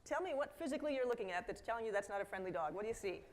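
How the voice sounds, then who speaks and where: A middle-aged woman giving a conference keynote talk in a lively storytelling manner, slipping into quoted voices and asides to the audience. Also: fairly high pitch, very fast. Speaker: keynote speaker. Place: conference hall.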